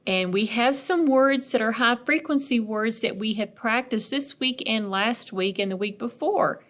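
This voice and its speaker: Slow, patient woman teacher. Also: a little high, fairly bright tone. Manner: slow, patient, sounds out words. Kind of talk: recorded reading lesson for young children.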